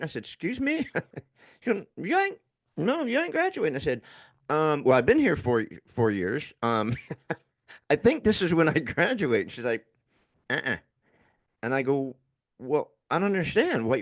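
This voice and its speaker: A man's voice: mid-range voice, creaky, fairly bright tone, no echo. A man, a podcast host, telling a story in a laid-back way, laughing often and acting out other voices. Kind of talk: casual storytelling.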